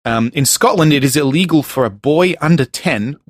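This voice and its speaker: A man's voice: fairly high pitch, animated, normal speed, no room sound. Laughing, joking male podcast host. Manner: laughs often, loose and jokey. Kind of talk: casual chat.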